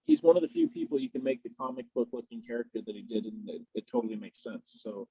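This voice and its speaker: A man's voice: mid-range voice, huge pitch swings, quick pace, creaky, mellow, husky, no echo, dull audio. A man guesting on a podcast, chatting casually and telling rambling, laid-back stories while he smokes. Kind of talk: casual chat while smoking.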